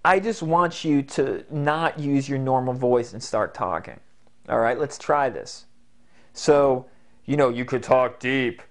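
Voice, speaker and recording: Jokey man teaching with animated delivery. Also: mid-range voice, takes it slowly. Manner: animated, jokey, breaks into demo voices. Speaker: self-help instructor. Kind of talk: instructional talk.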